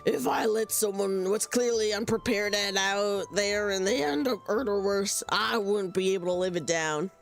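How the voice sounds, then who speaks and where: Gruff protective guild guy done by a streamer lady, bit of a southern drawl, kinda lively. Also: mid-range voice, brisk, faint music behind, lightly acted. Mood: stern. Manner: reading game lines aloud in an improvised put-on voice. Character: gruff older male guild recruiter, stern and protective.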